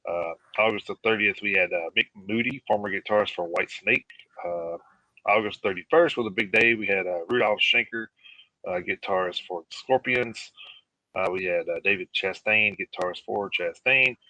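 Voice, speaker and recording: A man co-hosting a casual live radio show, reading out a list with many pauses and fillers. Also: on the low side, bright, forceful tone, dry recording, rough recording. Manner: halting, filler-heavy reading of lists.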